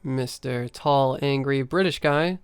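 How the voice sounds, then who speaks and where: A man's voice: mid-range voice, slow, smooth, dry recording, soft background music. A man doing a smug, sarcastic young suspect.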